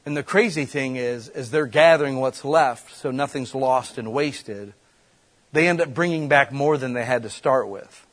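A man preaching a sermon in a conversational way, breaking into quick acted-out voices. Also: mid-range voice, a bit bright. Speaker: pastor.

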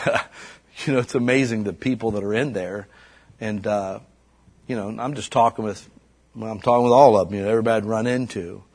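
A man preaching a sermon as a storyteller, climbing high and loud when stirred. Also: breathy edge. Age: adult parent.

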